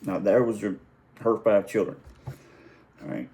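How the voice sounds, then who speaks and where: A middle-aged man spins a casual family story into the camera. His voice is fairly low and mellow, and he rambles along, stopping to correct himself and chuckle. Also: fairly even intonation, measured pace, a little hiss or hum. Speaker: vlogger.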